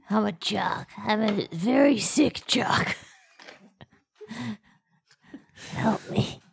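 A player voicing a sick, brash young male jock hireling who talks loud and blunt, often laughing. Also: medium pitch, lively intonation, extremely slow, creaky, husky, heavily acted.

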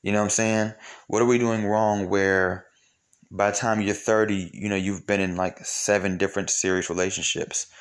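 A man with a slightly low voice holds forth in an opinionated monologue aimed at his listeners. He is blunt and profane, circling back on himself and throwing out rhetorical questions as he goes. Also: level tone, normal speed. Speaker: commentator.

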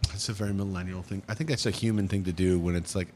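A man's voice: deep voice, fairly even intonation, fast, a little mellow, slight background noise. A man co-hosting a podcast, chatting casually and rambling, often trailing off mid-thought and laughing. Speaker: podcast co-host.

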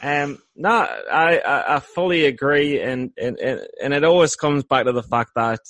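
A man co-hosting a podcast, talking in a casual, animated way with many stammered restarts and laughs. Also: mid-range voice, moderate pace, dry recording. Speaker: podcast co-host.

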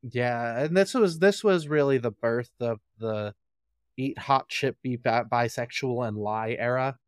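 A man's voice: medium pitch, unhurried, clear, resonant tone, no echo. A man co-hosting a podcast in casual chat, a joking, rambling storyteller on a close mic. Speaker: podcast co-host.

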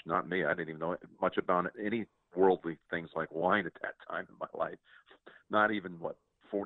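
Deep-voiced man on a tinny line. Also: no room sound. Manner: reflective, earnest storyteller. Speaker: guest sportscaster. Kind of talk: casual interview storytelling. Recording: tinny phone-like line, dry.

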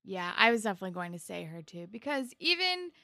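A young woman co-hosting a casual chat, retelling a TV episode with lots of "like" and quick quoted lines. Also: mid-range voice, big pitch swings, vocal fry, pushed and bright, no echo, clean studio sound. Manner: chatty retelling full of "like", quick put-on quotes. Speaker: podcast co-host.

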